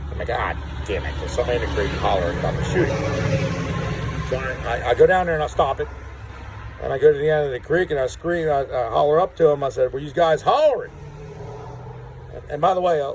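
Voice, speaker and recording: Gravelly man telling a story. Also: mid-range voice, a little mellow, a little hiss or hum, rough recording. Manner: rambling, repeats words, acts out quotes. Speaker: vlogger. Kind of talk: casual storytelling to camera. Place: outdoors on rural property.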